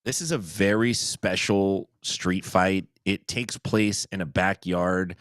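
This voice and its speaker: A man with a very low voice co-hosting a podcast. He talks in a laid-back way and chuckles now and then. The recording is dry, with no room sound. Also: slow pace, fairly bright tone, no room sound. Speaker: podcast co-host. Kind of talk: casual chat.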